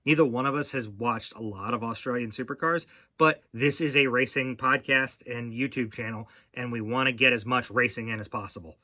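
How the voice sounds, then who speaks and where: Man, podcast host, casual racing talk, rambling with fillers, bright voice, dry close sound. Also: mid-range voice, steady tone, a little fast, few pauses, no echo. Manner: rambling, with frequent fillers and restarts.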